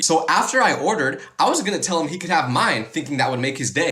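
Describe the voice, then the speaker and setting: A young man telling comic stories in a lively, exaggerated storytime monologue. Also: a little high. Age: young adult. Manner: animated, exaggerated exclamations. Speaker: storytime creator.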